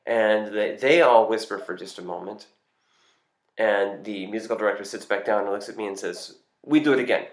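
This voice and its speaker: Male storyteller, lowish voice, easy conversational delivery, roomy echoey recording. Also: moderate pace. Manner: relaxed, conversational, with small hesitations. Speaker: singer and actor telling an anecdote. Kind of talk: casual first-person storytelling. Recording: roomy echo.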